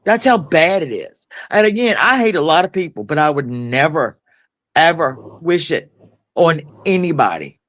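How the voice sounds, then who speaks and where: A man's voice: fairly high pitch, expressive, moderate pace, fairly bright tone. A man hosting a live stream discussion, impassioned, grieving and swearing freely.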